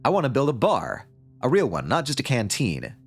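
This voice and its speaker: A man voicing an excitable young male construction worker in an odd put-on accent. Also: medium pitch, normal speed, creaky, faint music behind, exaggerated voice. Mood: excited.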